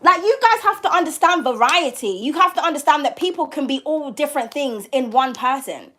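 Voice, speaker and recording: Animated sharp-tongued woman ranting. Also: sits high, a little fast. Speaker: tarot reader. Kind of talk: casual rant to a live audience. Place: her home.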